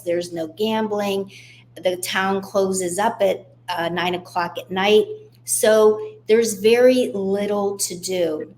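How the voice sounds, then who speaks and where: A woman tells her own story as a guest on a radio interview, speaking candidly and steadily. Her pitch sits in the middle of the range. A faint hum runs under the recording. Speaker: guest author.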